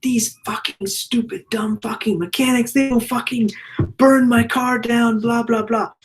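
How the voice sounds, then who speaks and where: A man's voice: very high-pitched, fairly even intonation, unhurried, pitched above the performer's own voice. A man voicing a grumpy elderly Italian car collector with an Italian accent, ranting and swearing. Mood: furious. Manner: cursing, ranting.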